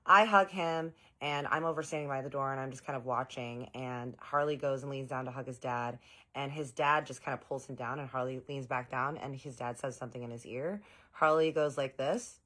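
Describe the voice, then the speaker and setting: A woman telling a storytime vlog in a chatty, animated way, throwing in slang and swearing. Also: extremely low pitch, normal speed.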